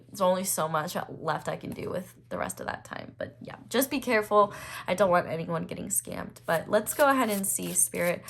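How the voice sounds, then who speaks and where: A young woman giving a casual tarot reading to her viewers, chatty and full of fillers, breaking into excited bursts as she turns cards. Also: mid-range voice, background noise. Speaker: tarot reader.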